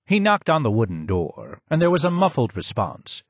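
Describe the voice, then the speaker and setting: A man reading a first-person memoir-style audiobook in a measured, descriptive way. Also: fairly low pitch, wildly swooping pitch, no room sound. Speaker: audiobook narrator.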